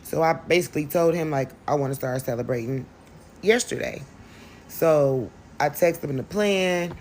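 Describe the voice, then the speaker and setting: A woman's voice: low-pitched, normal speed, a little mellow, a little hiss or hum. A woman telling a storytime vlog in a chatty, emphatic way, talking straight to her viewers. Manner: chatty, emphatic, addresses the audience directly. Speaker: vlogger.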